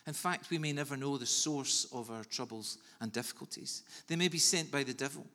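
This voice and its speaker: A man preaching a sermon in an earnest, measured way with soft pauses. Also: medium pitch. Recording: long reverb of a large hall.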